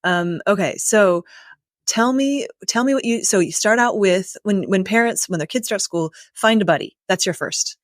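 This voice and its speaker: A woman's voice: medium pitch, moderate pace, no room sound, clean studio sound. An American woman hosting a podcast, chatting casually and asking long, thoughtful questions. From United States. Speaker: podcast host. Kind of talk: casual interview chat.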